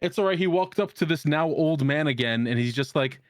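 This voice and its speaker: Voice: medium pitch, animated, a little fast, no room sound, studio quality. A co-host in a casual group chat, ranting with heavy swearing. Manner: profane, ranting. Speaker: podcast co-host.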